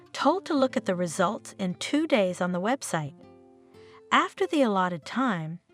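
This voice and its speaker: A woman narrating a family drama story in a steady, scripted reading style. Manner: lively, expressive reading with wide swings in pitch.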